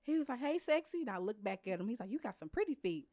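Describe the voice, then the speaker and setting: Podcast co-host, woman; high, bright voice, very animated. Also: fast talker. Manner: loud, laughing, profane. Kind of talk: casual chat, storytelling.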